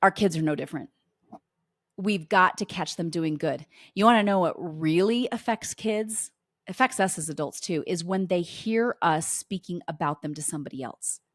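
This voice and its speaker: A woman's voice: on the low side, normal speed, no echo, clean studio sound. A middle-aged woman hosting a homeschooling podcast, chatting casually and telling family stories as she acts out the dialogue. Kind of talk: casual anecdotal talk to listeners.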